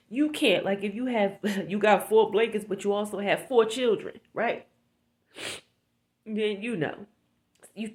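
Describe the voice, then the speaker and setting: A woman vlogger, talking through tears in an emotional, preachy commentary, repeating herself for emphasis. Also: sits high. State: tearful, sniffly.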